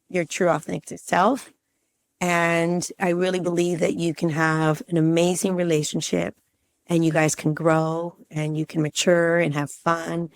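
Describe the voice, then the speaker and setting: A relationship coach in her fifties, with a lowish voice on a dry recording, guests on a podcast in a casual interview. She tells a personal story in a lively, chatty way, acting out scenes and calling the listener "girlfriend."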